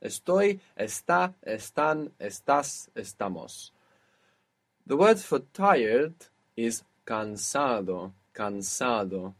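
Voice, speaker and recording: A man's voice: medium pitch, expressive, slow pace. A man teaching a spoken language lesson, patiently explaining grammar step by step and quizzing his student.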